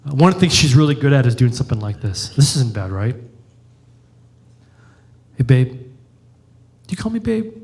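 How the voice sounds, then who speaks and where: A middle-aged pastor delivers his sermon in a loose, conversational way. He jokes with the congregation as he goes. His voice sits at an ordinary middle pitch. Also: big pitch swings, fast, darkish tone.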